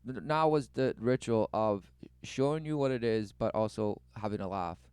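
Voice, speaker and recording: Man commentator, mocking and preachy, smooth resonant mid voice, dry close sound. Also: fairly low pitch, moderate pace, a little mellow, dry recording. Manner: mocking, exclamatory, rhetorical questions. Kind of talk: religious commentary over video clips.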